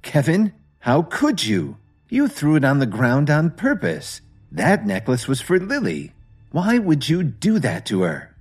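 A man voicing an arrogant, jealous rich man who shouts and taunts. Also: mid-range voice, sing-song, moderate pace, breathy edge, faint music behind. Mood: furious taunting.

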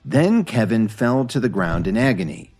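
A man reading a story aloud in scripted narration, steady and even. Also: fairly low pitch, moderate pace, husky, faint music behind.

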